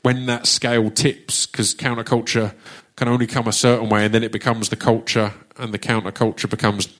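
At a live book launch on a theatre stage, a man from Essex, England, with an Essex accent hosts an audience Q&A. His lowish, fairly bright voice is flat and a little fast. He chats casually, jokes, swears and restarts his sentences.

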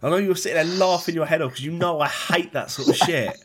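A man's voice: on the high side, fast, slight background noise. A young man co-hosting a podcast over a video call, telling stories in a self-mocking way and laughing often. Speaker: podcast co-host. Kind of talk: casual chat.

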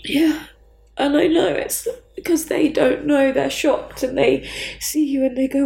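Grieving woman guest, high gravelly voice, halting, blunt, near tears. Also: steady tone, darkish tone, roomy sound, poor audio. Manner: halting, raw, swears bluntly. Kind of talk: candid conversation.

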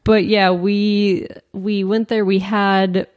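A woman co-hosts a casual podcast in an everyday mid-pitched voice. She tells her stories in loose, rambling runs, trailing off and restarting. She says "like" constantly. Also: flat delivery, slow, a little mellow. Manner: rambling anecdotes full of "like", laughs often. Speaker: podcast co-host. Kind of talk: casual storytelling chat.

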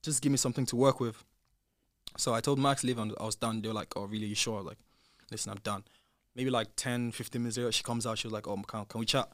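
A young British man tells his story at a quick clip, jumping into the voices of everyone involved. His voice sits at an average pitch and is recorded dry and close, with no room sound around it. He gets louder and sharper when the story turns heated. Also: no echo. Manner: animated retelling, acts out quoted dialogue, rising loud when heated. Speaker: podcast guest, former reality show contestant. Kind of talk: casual storytelling chat.

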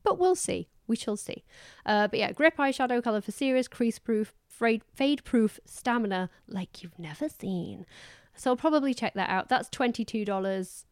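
A young British woman hosting a beauty podcast, chatting in a lively, rambling way with plenty of asides. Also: a little high, moderate pace, clear, resonant tone, no echo, studio quality. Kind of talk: casual chat.

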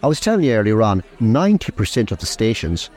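A lower-voiced man bantering on a comedy podcast with jokey mock outrage. His pitch swings widely as he jokes. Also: big pitch swings, quick pace, darkish tone. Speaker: podcast co-host. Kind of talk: casual comedic chat.

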